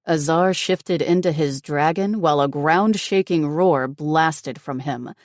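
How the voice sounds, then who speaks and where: Woman reading an audiobook, low and slow, steady and even, dry close sound. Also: dry recording. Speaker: audiobook narrator. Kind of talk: scripted narration.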